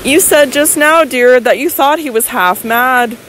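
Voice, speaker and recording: A woman's voice: sits high, unhurried, fairly bright tone, slight background noise, low-quality recording. A woman reading an audiobook voices a young Victorian lady who speaks hesitantly and pleadingly. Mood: anxious. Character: young Victorian lady, fragile, anxious and scheming.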